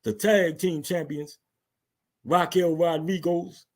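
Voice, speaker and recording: A man hosting a casual wrestling recap, telling it in animated, slangy storytelling with frequent laughs and acted-out quotes. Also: a little high, slow pace.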